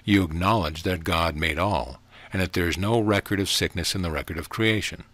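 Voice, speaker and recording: A man reading as a calm, earnest young woman. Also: low-pitched, no room sound. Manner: gentle, steady, slow explaining.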